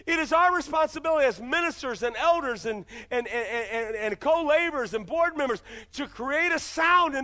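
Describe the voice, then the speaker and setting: A man's voice: very high-pitched, lively intonation, normal speed, few pauses, sharp tone. A man pastor preaching a sermon in a church, emphatic and full of repeated rhetorical questions.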